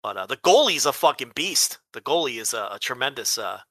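A man's voice: mid-range voice, very animated, fairly quick, fairly bright tone, dry recording. A man from New Jersey co-hosting a podcast, ranting sarcastically with plenty of swearing. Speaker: podcast co-host. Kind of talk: casual chat.

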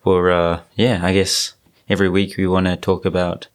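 A man hosting a podcast in casual chat, easygoing and relaxed with lots of fillers. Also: sits low, normal speed. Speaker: podcast host.

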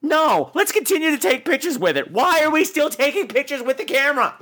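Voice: high voice, very animated, brisk, a bit bright. A podcast host ranting sarcastically about a bad movie, swearing freely and repeating words for emphasis.

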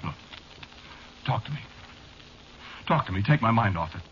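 Hunted man, panicky and begging, pitch swinging widely, hissy old radio sound. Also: lively intonation, normal speed, fairly bright tone, muffled recording. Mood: frightened. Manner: pleading, panicky. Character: frightened man hunted by someone.

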